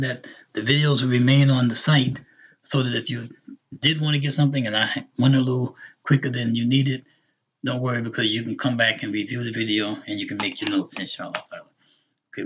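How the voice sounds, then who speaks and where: Husky man teaching a slow lesson. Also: mid-range voice, fairly even intonation, a bit bright, dull audio. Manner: patient, repeats words slowly for learners. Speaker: Arabic teacher. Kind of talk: live online language lesson.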